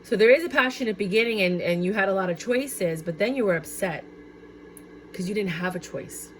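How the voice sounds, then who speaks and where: Woman tarot reader, casual and chatty, excitable and exclamatory. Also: mid-range voice, brisk, slight background noise. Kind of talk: casual tarot card reading.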